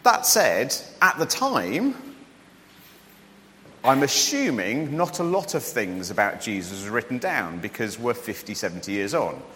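Male preacher, chatty and joking, lively rising pitch, long church-hall reverb. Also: unhurried. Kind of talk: sermon.

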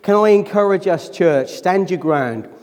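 A man's voice: sits high, lively intonation, a little slow, a little mellow, big-room sound. A man preaching a sermon as pastor. He talks emotionally, nears tears, and keeps asking his congregation questions. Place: church hall.

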